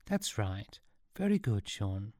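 A man's voice: fairly low pitch, sing-song, takes it slowly, a little mellow, no room sound, studio quality. Jenny, a firm, kind girl leader, read by a man.

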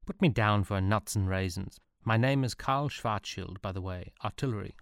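A man voicing an eccentric male Prussian artillery officer who speaks in a brisk, deadpan way. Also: fairly low pitch, vocal fry, clean tone, dry recording, clean studio sound. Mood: wry.

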